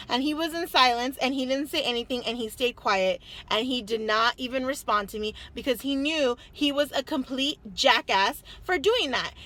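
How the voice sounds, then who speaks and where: Young woman vlogging, high bright voice, says like a lot, gets heated n swears. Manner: chatty, fills speech with "like" and "you know"; heated and blunt, swears freely. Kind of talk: casual confessional vlog.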